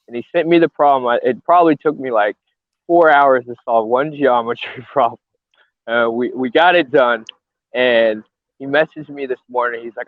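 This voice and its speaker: A man's voice: medium pitch, brisk, no echo. A man who fights and coaches, speaking earnestly and a little emotionally, often restarting his sentences. He comes through a tinny, phone-like video call line with a dry sound. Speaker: bare-knuckle fighter and coach. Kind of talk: casual interview.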